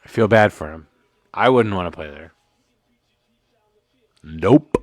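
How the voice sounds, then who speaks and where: Low-voiced joking man hosting a livestream. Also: animated, slow pace, no echo, studio quality. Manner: joking, profane, rambling. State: tipsy from drinks. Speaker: livestream host. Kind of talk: casual live sports commentary.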